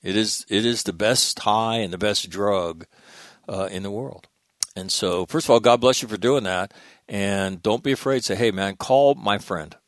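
A man's voice: fairly low pitch, fairly bright tone, no echo, studio quality. A middle-aged man, a Marine veteran guest, telling stories in an emphatic, blunt and profane way. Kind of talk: candid storytelling interview.

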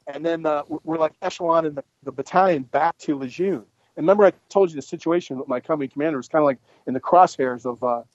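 A man's voice: fairly high pitch, a little mellow, no room sound, dull audio. A former Marine officer, a man, telling a blunt, profane story in casual conversation.

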